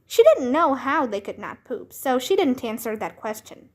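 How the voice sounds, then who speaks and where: A woman reading a children's book aloud with expressive, dramatic narration. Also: high-pitched, normal speed. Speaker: storybook reader.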